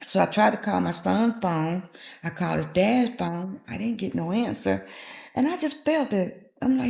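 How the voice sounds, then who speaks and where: A woman's voice: medium pitch, lively intonation, normal speed, creaky, mellow. A woman in her fifties, a guest telling a personal story and acting out the voices in it. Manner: vivid retelling, acting out quoted dialogue. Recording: echoey room.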